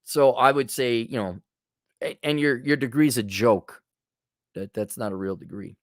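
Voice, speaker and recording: A male podcast host giving advice in a blunt, sarcastic monologue at a middling pitch. He speaks close to the mic in a dry, dead sound. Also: moderate pace, no room sound.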